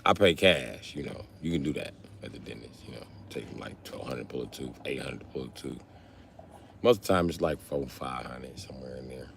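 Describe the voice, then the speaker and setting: A man's voice: a bass voice, brisk, creaky, fairly bright tone, a little hiss or hum. A man chatting casually on a livestream, reading comments and trading crude, joking banter with his viewers. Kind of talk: casual live stream chat. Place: South Carolina.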